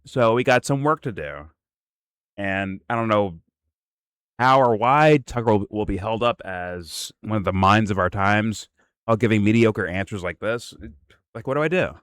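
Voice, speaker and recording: A man's voice: fairly low pitch, lively intonation, normal speed, a bit bright, clean tone, no room sound. Incredulous, cursing man in a dry room. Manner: incredulous, profane, rambling with restarts. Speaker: host. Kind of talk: casual reaction commentary.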